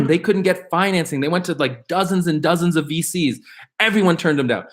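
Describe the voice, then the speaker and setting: A man's voice: fairly high pitch, a little fast. Upbeat middle-aged man answering questions live. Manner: animated, upbeat, rambling with fillers and restarts; reads viewer questions aloud. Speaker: host answering viewer questions. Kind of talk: live Q&A casual chat.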